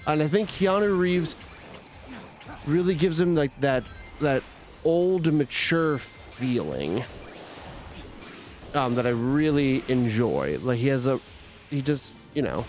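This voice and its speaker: A young man streams a game and chats casually in a mid-range, sing-song voice, unhurried and full of long pauses. He rambles, restarting often and leaning on filler words, while soft music plays behind him.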